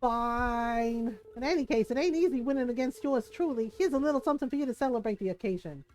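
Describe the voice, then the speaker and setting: A teasing old villager , read aloud by a woman streamer, drawls his folksy lines in a fairly high voice. He ribs the player like a grumpy grandpa in a cozy farming game. Soft game music plays faintly behind him. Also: brisk, close to an everyday voice. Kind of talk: reading game dialogue aloud.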